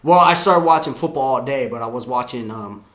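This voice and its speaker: A man's voice: medium pitch, animated, fairly quick, fairly bright tone, echoey room. A man reacting live to a football game, boastful and rambling. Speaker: sports fan vlogger.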